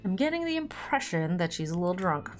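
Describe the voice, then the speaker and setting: A young woman plays through a dating game, reading it aloud and breaking off into giggly, self-mocking asides. Her pitch bounces around animatedly, with faint background music under her voice. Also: very animated, a little fast. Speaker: streamer. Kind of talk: let's play commentary.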